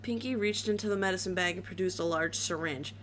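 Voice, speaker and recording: A woman's voice: lowish voice, a little fast, fairly bright tone, slight background noise. A woman reading a horror story aloud in a casual way, with small slips and restarts.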